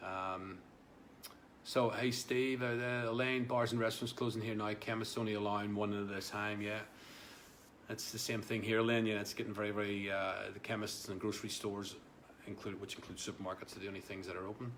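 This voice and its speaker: A man's voice: fairly low pitch, level tone, a little fast, fairly bright tone, a little hiss or hum. A man hosting a casual live stream, reading out viewer comments in a rambling way, with many fillers and repeated words. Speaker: livestream host.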